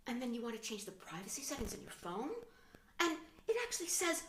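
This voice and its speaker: A middle-aged woman performing a stand-up comedy monologue, theatrical, with sudden hushed whispers and mock outbursts. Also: fairly high pitch, very animated, quick pace. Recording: roomy echo.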